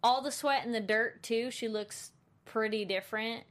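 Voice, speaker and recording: A woman co-hosting a casual chat about a TV episode, talking it through and acting out quick reactions. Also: a little high, a bit bright. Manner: chatty, acts out reactions in quoted asides. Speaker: podcast co-host.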